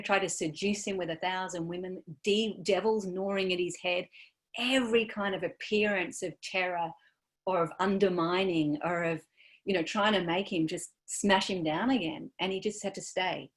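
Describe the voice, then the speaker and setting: A woman giving a dharma talk as a meditation teacher, gentle and searching, trailing off softly with many fillers. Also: on the low side, normal speed.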